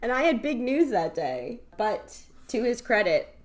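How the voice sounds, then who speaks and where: A woman in her thirties hosting a podcast in casual chat, telling animated stories that she breaks up with laughter. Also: fairly high pitch, unhurried. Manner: laughs often, animated storytelling with put-on voices. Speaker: podcast host.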